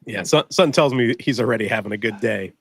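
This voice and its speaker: Easygoing man quick to laugh. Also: fairly low pitch, creaky, a bit bright, husky, dry recording. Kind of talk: casual chat.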